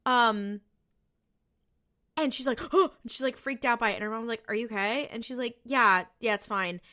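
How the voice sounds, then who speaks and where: A woman co-hosting a podcast casually recaps a TV episode, her voice on the high side, pushed and bright, at a moderate pace. She's chatty, swears freely, and retells scenes by quoting the characters in their voices.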